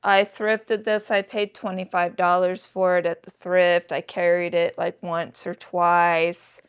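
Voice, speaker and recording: A woman's voice: fairly low pitch, flat delivery, measured pace, clear, resonant tone. A woman in her sixties chatting to viewers in a casual haul vlog, showing off thrifted handbags with chatty enthusiasm. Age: 60s. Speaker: thrift reseller vlogger.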